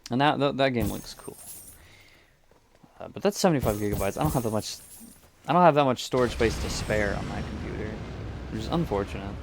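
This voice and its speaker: A man's voice: fairly low pitch, expressive, brisk, pauses often, slight background noise. Rambling, hesitant young-sounding man chatting. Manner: rambling, hesitant, many restarts. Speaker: gaming video creator. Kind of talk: casual chat while playing.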